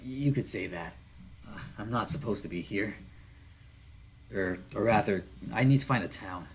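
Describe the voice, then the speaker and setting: A lost young traveler, voiced by a man close to his own low voice, speaks with a light Southern twang. He is halting and polite, feels his way through each sentence, and has a faint hiss of noise behind him. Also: lightly acted. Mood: unsure.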